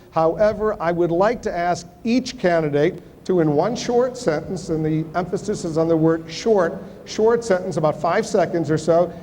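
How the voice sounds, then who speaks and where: A man's voice: on the high side, darkish tone. Male debate moderator, formal with dry wit, reverberant hall sound. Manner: measured, dry humor, frequent "uh" fillers. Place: large debate hall with audience.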